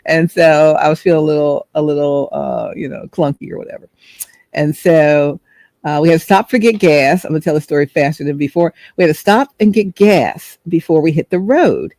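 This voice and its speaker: A woman's voice: deep voice, moderate pace, darkish tone, dry recording. A middle-aged woman hosting a vlog, telling a chatty, rambling story and searching for words as she goes. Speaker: host.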